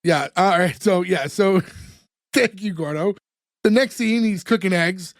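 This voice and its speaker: A man recaps a TV episode on a casual podcast, laughing easily and acting out the characters' lines. His voice sits noticeably high for a man, and the sound is close and dry. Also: unhurried, no echo. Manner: relaxed storyteller, laughs often, acts out lines.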